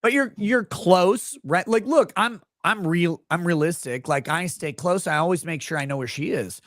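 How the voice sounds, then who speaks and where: A man's voice: sits high, no echo, studio quality. A middle-aged man hosting a show, telling a story in loose casual chat, swearing and laughing as he goes. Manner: animated, swearing, quick bursts, laughs while telling. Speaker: show host.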